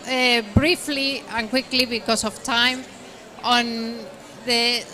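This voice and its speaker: Slow, halting woman moderator. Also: a little high, a bit bright, a little hiss or hum. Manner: halting, with many fillers. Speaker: panel moderator. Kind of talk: panel moderation.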